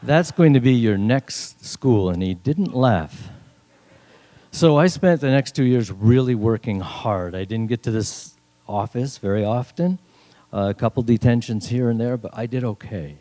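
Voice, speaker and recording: A man's voice: medium pitch, normal speed, warm tone. An older man from northern New York telling a funny personal story at a live story slam, with dry, wry humor. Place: stage at a live event.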